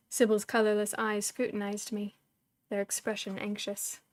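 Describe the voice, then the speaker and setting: A woman's voice: mid-range voice, moderate pace, dry recording. Woman reading a story aloud, dry sound. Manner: expressive, acts out each character's lines.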